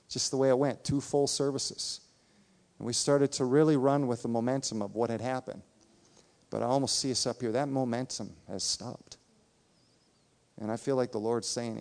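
Man, pastor, sermon, gravelly voice, emphatic repetition, long hall reverb. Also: mid-range voice, a little mellow. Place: church sanctuary.

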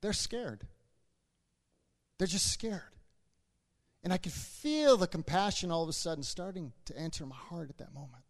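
A man's voice: fairly high pitch, expressive, moderate pace, pauses often, long reverb tail. A man preaching a sermon, telling a personal story and building to fervent, repetitive exhortation.

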